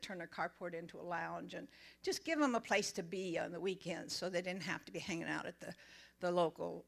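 A woman's voice: medium pitch, creaky. Older woman telling a faith story. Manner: chatty, animated storyteller. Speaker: church member giving testimony. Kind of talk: personal faith testimony.

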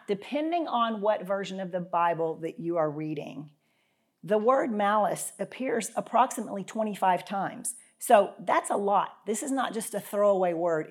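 A woman giving a casual, folksy devotional talk as a podcast host, often clearing her throat. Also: mid-range voice. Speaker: podcast host and Bible teacher.

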